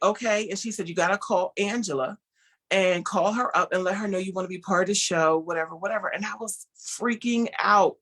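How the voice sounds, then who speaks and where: A woman guest on an interview show, a clothing designer telling her story and acting out the voices of the people in it. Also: mid-range voice. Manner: animated, acts out dialogue in her story; speaks of herself as an introvert.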